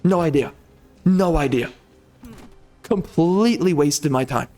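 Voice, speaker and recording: A gaming streamer ranting furiously, swearing constantly and circling back to the same complaints. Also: male voice, on the high side, measured pace, darkish tone. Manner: mocks others in a put-on sugary tone. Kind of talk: angry profane rant.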